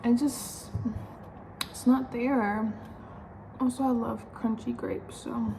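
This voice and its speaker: A woman's voice: mid-range voice, fairly bright tone, roomy sound, slight background noise. A young pregnant woman chatting casually while she cooks in her home kitchen, rambling and laughing often. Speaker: vlogger.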